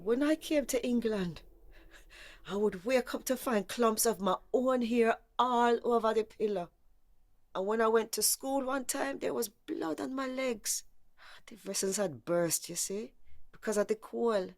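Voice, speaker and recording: A slow-spoken mother. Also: a little high, no echo, studio quality. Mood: reflective. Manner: slow, measured storytelling. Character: Caribbean-born mother remembering arrival in England. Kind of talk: dramatic monologue in an audio drama.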